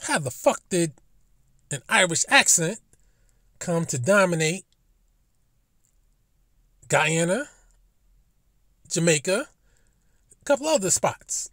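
A man's voice: high-pitched, very animated, slow pace, pauses often, sharp tone, no room sound, studio quality. Profane, indignant man ranting dryly. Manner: profane, emphatic, asks indignant rhetorical questions. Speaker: commentary vlogger. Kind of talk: casual commentary monologue.

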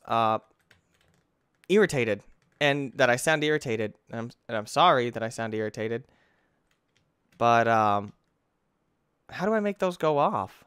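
A man's voice: mid-range voice, smooth, no room sound, clean studio sound. Frustrated young man's gaming commentary. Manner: easily frustrated, talks to the game, bursts into yelling. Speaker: gaming YouTuber. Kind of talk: let's play commentary.

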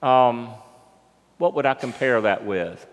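A man's voice: mid-range voice, lively intonation, slow pace, a little hiss or hum. A man preaching a sermon as pastor, telling the story conversationally and putting questions to the congregation. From United States. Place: church sanctuary. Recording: long church reverb.

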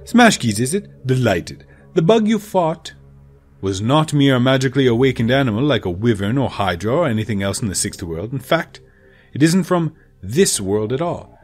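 A man's voice: medium pitch, very animated, moderate pace, faint music behind. A man voicing a flamboyant, theatrical male elf who lectures with playful asides.

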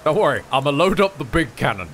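A man's voice: on the high side, big pitch swings, quick pace, fairly bright tone, slight background noise. A young man joking and laughing while playing a co-op game, casual and a little crude. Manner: jokey, laughing, casual swearing. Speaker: streamer. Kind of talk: casual co-op gameplay chat.

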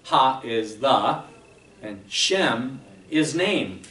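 A man's voice: medium pitch, expressive, drawn-out words, a bit bright, roomy sound, recorded from a distance, rough recording. A man preaching a sermon as a pastor, explaining patiently and often checking in with "okay?". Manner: explanatory teaching, frequent "okay?" check-ins. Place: church sanctuary.

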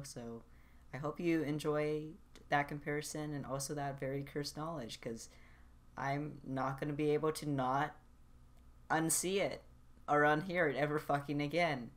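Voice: mid-range voice, fairly even intonation, a little slow. A vlogger talking casually about their own voice, self-mocking, swearing lightly and laughing between words. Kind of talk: casual self-recorded monologue.

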